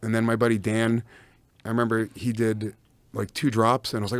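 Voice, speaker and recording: A man telling a profane, animated anecdote as a podcast guest. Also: fairly low pitch, fast talker. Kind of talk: storytelling on a podcast.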